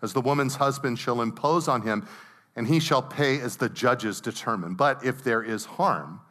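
A man's voice: medium pitch, moderate pace, fairly bright tone. A middle-aged man, a pastor, preaching a sermon in a conversational way, reading scripture and telling stories.

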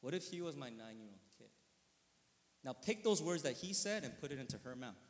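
A male pastor preaching a conversational sermon, earnest and probing, often checking in with listeners, moving from quiet reflection to sudden emphatic bursts. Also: mid-range voice, big pitch swings, brisk. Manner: earnest, often asking listeners with tag questions. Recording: long reverb of a large hall.

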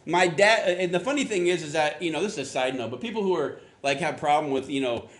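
A man from Florida preaches in a relaxed, conversational way, like he is talking with the congregation. His voice sits a little high for a man. He tells stories with lively energy and acts out sounds and voices as he goes. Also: fast talker. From Florida, US South. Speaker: pastor. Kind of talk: conversational sermon.

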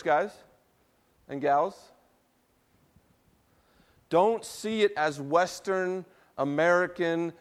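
A pastor delivers a sermon to his church, leading the congregation in call-and-response. He shifts between quiet, low passages and loud ones.

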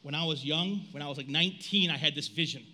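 A man in his forties preaching a sermon in a casual, animated way, reading scripture and breaking into loud outbursts. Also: fairly high pitch, fast talker. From United States. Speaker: pastor.

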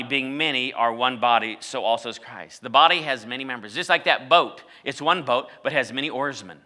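Bright-voiced preacher man telling a story. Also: medium pitch, fairly quick, hardly any pauses. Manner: storytelling preacher, rising to loud emphatic peaks. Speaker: pastor. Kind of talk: sermon.

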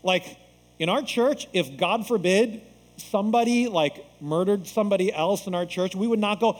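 A man from the United States preaching a sermon as a pastor, acting out quoted voices in an animated way. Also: sits high, moderate pace, in a large hall, low-quality recording.

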